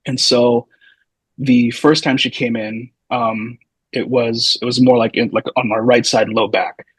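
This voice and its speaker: Here a man in his 30s, a physical therapy student appearing as a podcast guest, rambles through relaxed stories peppered with hedges and asides. He speaks unhurriedly in a mid-range, faintly husky voice. It's a low-quality recording, close-miked and dry, without any echo or room ambience.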